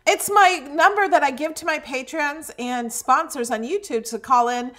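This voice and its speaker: A woman's voice: high-pitched, normal speed, a bit bright. A woman hosting a live video, chatting casually with a guest and reacting in an amused way. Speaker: YouTube host doing a live video. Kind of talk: casual live-stream chat.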